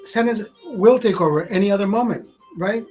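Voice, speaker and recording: A man's voice: sits high, a little fast, darkish tone, faint music behind. A man talking to his stream in a rambling, emotional monologue, swearing often and talking to himself. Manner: rambling, heavy swearing, self-talk.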